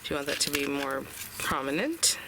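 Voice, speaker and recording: A chatty crafter walks through a project step by step, thinking aloud as the work goes. The voice has a heavy gravelly fry at a middle pitch. A steady noise hums behind it. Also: brisk. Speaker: craft tutorial host. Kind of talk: casual step-by-step craft tutorial.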